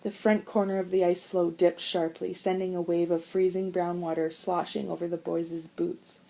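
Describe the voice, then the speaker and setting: A woman reads a children's storybook aloud in a calm, measured voice. Her tone is mellow and warm, and her pitch sits on the low side. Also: vocal fry, rough recording. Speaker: audiobook narrator. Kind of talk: storybook narration.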